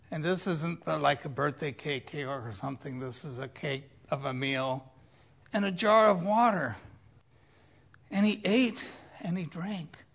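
A preacher retelling a Bible story in an animated way, with playful asides, swinging between loud emphasis and quiet reflection. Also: mid-range voice, a little slow, creaky.

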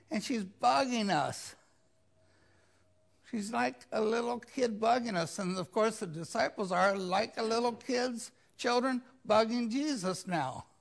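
Male pastor, unhurried conversational sermon, raspy fry in a high-set voice. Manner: conversational retelling of scripture, mimics pleading voices.

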